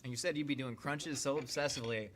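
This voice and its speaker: A man's voice: medium pitch, fairly even intonation, fast, noisy background. A male host, upbeat and jokey, presenting food and interviewing a guest.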